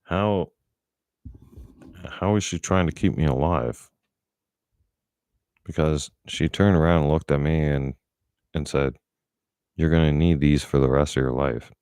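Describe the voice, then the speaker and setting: A man's voice: very deep voice, a little slow, pauses often, a little mellow, clean tone, dry recording, clean studio sound. A middle-aged man telling a story in a blunt, profane, angry way, as a casual vlogger.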